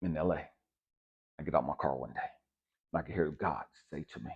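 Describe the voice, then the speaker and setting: A man giving a raw, profane personal testimony, swinging between hushed and loud. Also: rumbling low, a little fast, pauses often, breathy edge, phone-quality sound. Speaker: speaker sharing a personal testimony.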